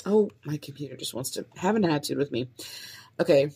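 A woman's voice: low-pitched, animated, brisk, mellow, slightly rough. A young woman in her twenties testing podcast intros alone, thinking aloud and trying out upbeat greetings between comments. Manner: tries out upbeat intro lines, then comments on them. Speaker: aspiring podcast host. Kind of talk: solo test recording, thinking aloud.

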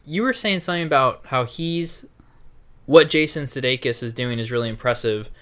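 A man's voice: medium pitch, moderate pace, fairly bright tone, smooth. Easygoing male podcast host. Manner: easygoing and agreeable, with short affirmations. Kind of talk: casual chat.

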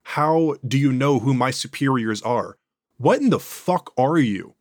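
A man's voice: mid-range voice, lively intonation, measured pace, darkish tone, no echo, clean studio sound, natural voice. A man voicing a male interrogator who reasons earnestly with his subject. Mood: alarmed. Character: patient male interrogator losing his nerve.

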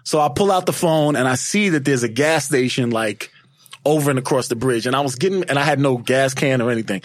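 Husky man telling a story. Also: mid-range voice, fairly quick, no room sound, clean studio sound. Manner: animated, laughing, acts out his own past lines. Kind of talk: casual storytelling among friends.

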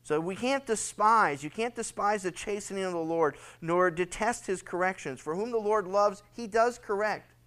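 A man's voice: high voice, normal speed, few pauses, fairly bright tone, clean tone. A man preaches with earnest conviction, circling back on his words when he stresses a point. He slips into the voices of people praying or making excuses, then returns to teaching. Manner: acts out quoted prayers and excuses. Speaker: pastor. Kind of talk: sermon.

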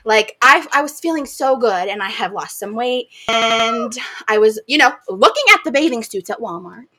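A woman co-hosting a podcast, telling a personal story in casual chat, expressive and reflective. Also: fairly high pitch, moderate pace. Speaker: podcast co-host.

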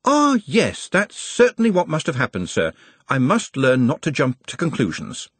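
A man's voice: fairly high pitch, huge pitch swings, normal speed, a bit bright, husky, no echo, pitched above the performer's own voice, exaggerated voice. A man voicing a young, eager, politely deferential servant boy in an audiobook. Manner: earnest, cheerfully deferential. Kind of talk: audiobook character voice.

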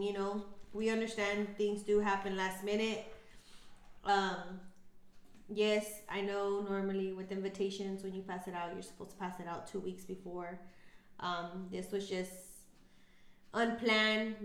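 A woman with a medium-pitched voice and a roomy sound co-hosts a podcast. She tells stories in casual, slangy chat full of ums.

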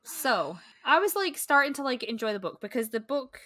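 Bright-voiced woman in rambling chat. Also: sits high, moderate pace, dry recording. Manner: rambling, filler-heavy, animated storytelling. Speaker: podcast co-host. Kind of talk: casual book-club chat.

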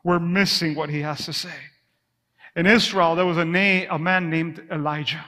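A high, bright male voice preaches a sermon, calling out questions for the congregation to answer. He tells everyday stories with playful acted asides and sinks to a soft hush on quiet words. A long hall reverb trails behind him. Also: moderate pace. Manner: call-and-response preaching, drops to a hush on "whisper"; energetic storytelling with acted asides. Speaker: pastor.

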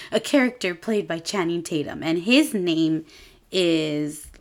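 A woman in her twenties chats through a movie's plot as a podcast host. Her voice sits a bit low for a woman, and she leans on a steady stream of filler "like"s. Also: takes it slowly. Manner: chatty, with many filler "like"s; acts out characters' lines in a higher voice. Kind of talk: casual movie recap.

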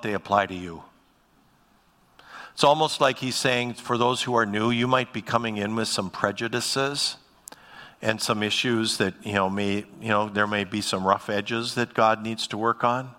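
A man's voice: medium pitch, bright, forceful tone. A pastor giving a conversational sermon to his congregation, full of ums and restarts. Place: church sanctuary. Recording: long church reverb.

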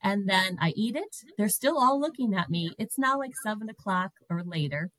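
A middle-aged woman guest telling a personal story in an animated way, breaking into laughter. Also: medium pitch, normal speed, a little hiss or hum, poor audio.

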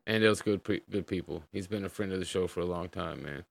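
An American man hosts a livestream with a deep, gravelly voice and a quick pace, recorded with no room sound. Laid-back, he swears freely while greeting viewers.

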